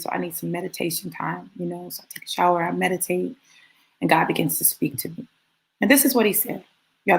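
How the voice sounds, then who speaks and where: A woman with a lowish, gravelly voice tells a personal story to people watching live. She talks in a lively, storytelling way and often repeats her phrases for emphasis. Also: rough recording. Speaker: motivational speaker addressing live viewers. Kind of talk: casual testimony chat.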